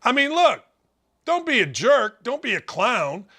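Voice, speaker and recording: A middle-aged man hosting a sports talk show, loud and emphatic with folksy trash talk. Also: extremely high pitch, big pitch swings, measured pace.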